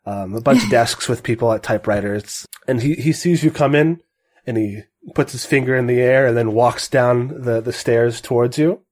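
A man narrating as game master of a tabletop game, halting and self-correcting as he goes. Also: mid-range voice, a little mellow.

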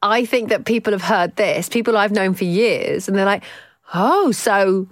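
A woman in her forties tells stories on a podcast in a chatty, self-mocking way and laughs easily. She speaks at a middling pitch. The mic is close and the sound is dry. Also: moderate pace, no echo. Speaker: podcast co-host. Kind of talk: casual chat.

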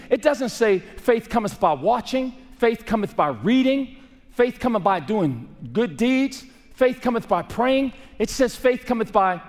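Preaching pastor in a reverberant hall. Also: male voice, sits high. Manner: preaching with sharp swings from raised to hushed voice. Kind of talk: sermon.

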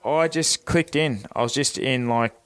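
A young Australian man with a clean, smooth voice, recorded close and dry. He tells stories casually and swears freely, scattering fillers as he goes. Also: mid-range voice, a little slow, a bit bright, no echo. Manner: laid-back, swears freely, many fillers. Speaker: guest, professional boxer. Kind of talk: casual storytelling on a podcast.

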